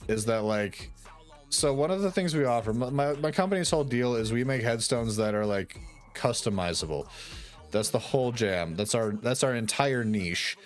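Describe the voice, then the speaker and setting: A man chats casually on a stream, rambling with plenty of fillers and the odd curse. His voice sits at an ordinary pitch. Faint music plays underneath. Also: expressive, normal speed. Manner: rambling, swears a lot, many fillers. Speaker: streamer and artist. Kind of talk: casual chat.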